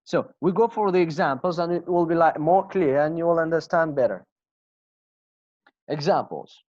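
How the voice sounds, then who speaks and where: A man teaching an English class online, slowly repeating example phrases and asking students questions. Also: on the high side, expressive, a little mellow, no echo. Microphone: video call. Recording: dull lo-fi video call audio.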